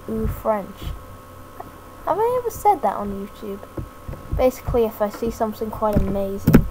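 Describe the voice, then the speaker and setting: A woman giving a hesitant, self-deprecating, rambling thank-you talk as a gaming YouTuber. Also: a little high. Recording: noisy home mic recording.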